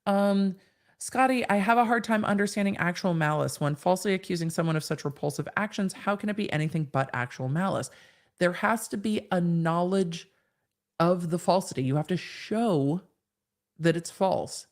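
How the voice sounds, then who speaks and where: A woman with a slightly low voice hosts a casual live stream. She reads viewers' comments aloud and answers each one in a chatty, frank way. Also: moderate pace. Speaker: host answering live chat questions.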